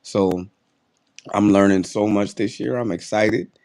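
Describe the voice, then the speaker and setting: A man co-hosting a podcast, chatting excitedly and repeating himself for emphasis. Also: fairly low pitch, unhurried, dry recording. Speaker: podcast co-host. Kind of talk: casual chat.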